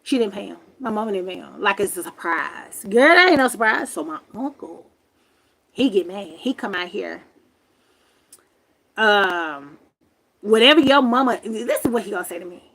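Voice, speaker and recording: A woman in her forties telling a story on a livestream from her grandmother's home, animated and emphatic, swearing freely. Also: medium pitch. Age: 40s. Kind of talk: casual storytelling rant.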